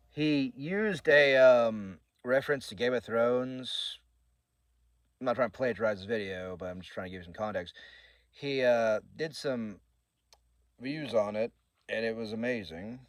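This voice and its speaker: A man's voice: fairly low pitch, no room sound. A man hosting his own channel, giving a casual update in an earnest, rambling way with restarts. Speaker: channel host and author.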